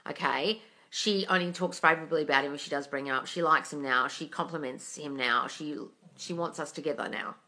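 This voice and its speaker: Bright, blunt, sweary woman hosting a live Q&A. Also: low-pitched, a little fast. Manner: blunt and sweary, calls viewers darling. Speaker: manifesting coach and livestream host. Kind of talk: casual live Q&A, reading out viewer comments.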